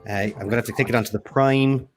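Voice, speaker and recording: A man rattles off stories at speed while co-hosting an online quiz. His voice sits at an ordinary middle pitch. Soft music runs behind him. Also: fairly even intonation. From Ireland. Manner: rambling storytelling, quick chatter. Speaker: quiz co-host. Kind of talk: casual live-stream chat.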